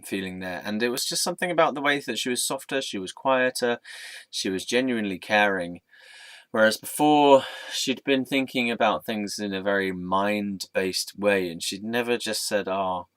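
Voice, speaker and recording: A young man telling a personal story in an earnest, reflective, soft-spoken way. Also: fairly low pitch, lively intonation, normal speed, no room sound. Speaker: vlogger.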